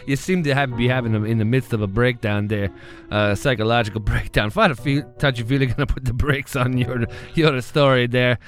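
A man's voice: medium pitch, steady tone, a little fast, faint music behind, voice pushed down, natural voice. A man voicing a bumbling old priest who hosts a show of scary stories, rambling and chuckling between filler words. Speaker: host.

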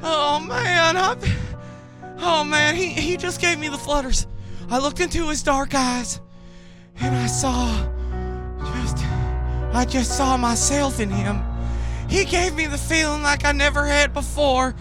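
Man playing a young waitress, high-pitched, sobbing, wailing, faint music behind. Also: a little slow. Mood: tearful. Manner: sobbing, wailing, breaks into angry shouts. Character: weepy young woman diner waitress.

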